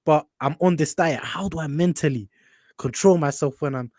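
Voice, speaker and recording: Young-sounding London caller, polite and hesitant, dry close sound. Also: male voice, fairly high pitch, normal speed, a little mellow, no room sound. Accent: London English. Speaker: caller on a live stream. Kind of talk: asking questions on a live call.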